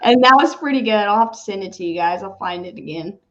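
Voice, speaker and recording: A woman co-hosting a casual sports chat, animated, swearing freely and laughing often. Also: mid-range voice, fast talker, slight background noise. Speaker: podcast co-host. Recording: dull lo-fi sound.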